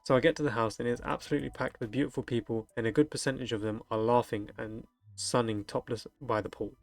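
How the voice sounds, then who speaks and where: A man's voice: mid-range voice, steady tone, fast talker, gravelly, faint music behind. A young man reads delivery-driver stories aloud from the internet and breaks in with crude, joking reactions. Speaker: streamer reading online stories. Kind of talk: reading aloud with comedic commentary.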